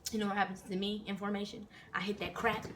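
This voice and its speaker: A young woman chats through a story for her vlog at a quick clip. Her voice is bright and lively, full of swearing and acted-out quotes. A faint hiss sits under the recording. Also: medium pitch. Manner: animated, swears freely, acts out quotes. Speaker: vlogger telling a story. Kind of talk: casual storytelling.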